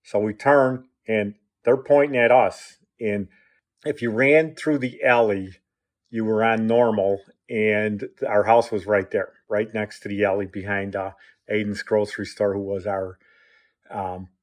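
A man's voice: on the low side, fairly even intonation, a little slow. A man telling a personal story in a conversational way, acting out quotes. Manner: conversational, acts out quotes with "I go, he goes".

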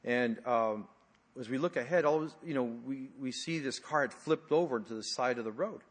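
A man's voice: mid-range voice, moderate pace. Brief: male pastor, mid-range voice, chatty storytelling sermon, long hall reverb. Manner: conversational storytelling with frequent fillers, dropping to hushed tones.

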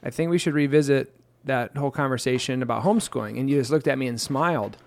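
A man's voice: mid-range voice, quick pace, slight background noise. A man in his thirties co-hosting a casual scripture chat, telling stories about his marriage with self-deprecating humor and playful quoted voices. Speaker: pastor and co-host.

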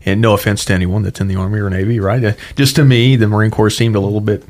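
A man's voice: on the low side, fairly even intonation, quick pace, a little mellow. A young man from Ohio, a Marine guest telling his story casually, full of "you know" and "right.". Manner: chatty, many fillers like "you know, right".

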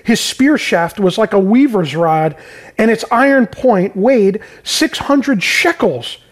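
A man with a high-pitched voice gives an informal sermon. He retells scripture in plain, everyday terms. He keeps checking in with his listeners. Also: animated, slow. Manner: informal, peppered with "right?" and "man". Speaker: preacher. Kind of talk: conversational sermon.

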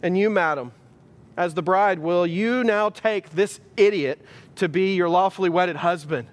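A man's voice: high voice, measured pace. A man voicing an exasperated male wedding minister in a sermon story, insistently repeating his question. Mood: wry.

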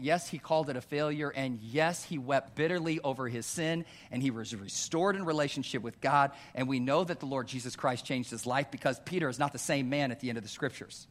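A man preaching a sermon to a congregation in a church, calling out "amen?" and asking rhetorical questions, moving between hushed earnest pleading and louder emphatic urging. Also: mid-range voice, normal speed. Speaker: pastor. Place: church hall before a congregation.

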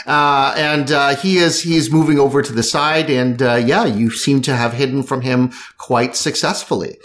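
A man's voice: medium pitch, steady tone, normal speed, fairly bright tone. Rambling man running a tabletop game. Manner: rambling, with many fillers and restarts. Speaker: game master.

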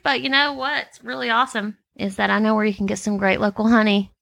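A woman's voice: mid-range voice, steady tone, fairly quick, gravelly, fairly bright tone. An Appalachian woman co-hosting a podcast, chatting casually and giggling between jokes. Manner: giggly, jokey. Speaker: podcast co-host. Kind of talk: casual chat.

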